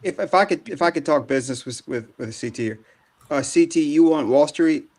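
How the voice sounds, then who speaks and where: Host of a panel stream, quick talker, stammers, hesitant. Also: male voice, a little high, a little mellow. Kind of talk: casual panel moderation.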